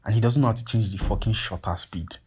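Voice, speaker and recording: A young man tells a podcast story in a casual, swearing, animated flow. His voice sits fairly low with a husky, breathy edge. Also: quick pace. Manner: profane, animated, heavy filler "like" and "you get what I'm saying". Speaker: podcast host.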